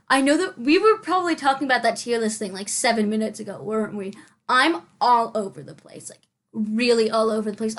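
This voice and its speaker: A woman's voice: fairly high pitch, a bit bright. A young woman hosting her channel, rambling scatterbrained and self-mocking in a casual voice-over as she builds in a game, recorded on a headset mic. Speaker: channel host. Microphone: headphones with mic.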